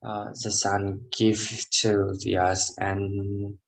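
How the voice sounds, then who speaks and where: A man's voice: on the low side, little pitch movement, drawn-out words, creaky, poor audio. A man with a Vietnamese accent, a non-native English learner, answering a practice question in hesitant, broken phrases. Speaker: English student.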